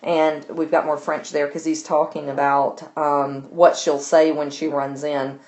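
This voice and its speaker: A woman with a notably low-pitched voice talks through a literature lesson. She paraphrases the chapter loosely and chattily, leaning on fillers as she goes. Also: level tone, unhurried, a little mellow. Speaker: literature teacher. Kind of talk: recorded lesson summarizing a novel.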